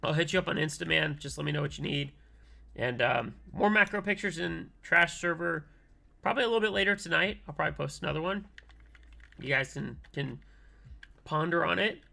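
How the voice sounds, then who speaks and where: A man with a hoarse voice he says is going out, chatting casually with his viewers at the end of a keyboard-building livestream, with plenty of ums and easy laughs. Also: a little high, normal speed. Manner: relaxed and thankful, many ums and laughs. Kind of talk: casual livestream wrap-up chat.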